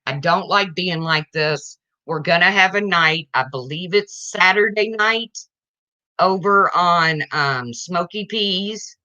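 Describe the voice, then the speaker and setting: Woman livestreamer, indignant rant, sharp bright tone, dull lo-fi sound. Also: lowish voice. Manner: indignant, confrontational, addresses viewers directly.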